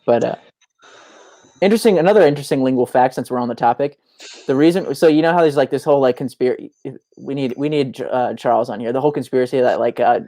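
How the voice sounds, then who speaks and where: A man's voice: medium pitch, fast, warm tone, dry recording. Young man rambling in casual chat. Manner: rambling, many "like" fillers and restarts. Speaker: podcast co-host.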